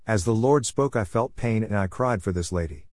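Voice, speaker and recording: Low voiced man giving an earnest solemn sermon testimony, dry sound. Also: animated, moderate pace, a little mellow, dry recording. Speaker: preacher.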